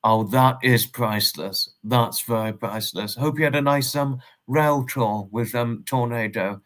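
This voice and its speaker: English male livestream host, mid-pitched, rambling and repetitive, politely formal with viewers. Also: a little slow, fairly bright tone. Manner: rambling, repeats himself, polite and formal phrasing. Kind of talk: casual livestream chat, greeting viewers and reading messages.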